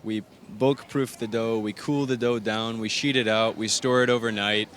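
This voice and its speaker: Pastry chef explaining outdoors. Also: male voice, fairly low pitch, steady tone, normal speed, a bit bright. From Arizona, US. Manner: explanatory, detailed, with fillers. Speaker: pastry chef and bakery owner. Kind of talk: on-location interview. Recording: faint outdoor traffic noise.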